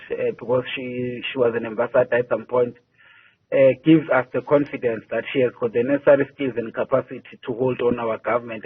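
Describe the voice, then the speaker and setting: A party spokesperson from South Africa takes a news interview by phone, and the line sounds tinny. His mid-range voice has a breathy edge, and his delivery is measured yet halting, with many hesitations and repeated words.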